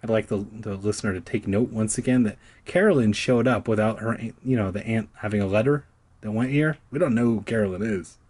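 A man's voice: lowish voice, a little fast, a little mellow, breathy edge. A man reading a children's horror book aloud, breaking off for crude, sarcastic asides. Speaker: reader.

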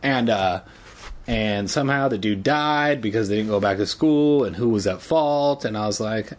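A man's voice: mid-range voice, moderate pace. A young man from San Diego, reading a book aloud with irreverent, rambling jokes. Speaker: reader. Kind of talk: comedic book reading with asides.

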